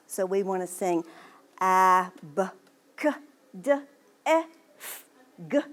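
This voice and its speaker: A woman giving an early literacy presentation to parents in a library meeting room. She explains patiently and models letter sounds aloud. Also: medium pitch.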